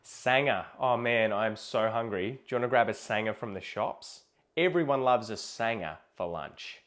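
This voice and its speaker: A man's voice: lowish voice, moderate pace, fairly bright tone. A man with an Australian accent teaching everyday slang, laid-back and acting out little scenes. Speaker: guest English teacher. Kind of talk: casual teaching with acted examples.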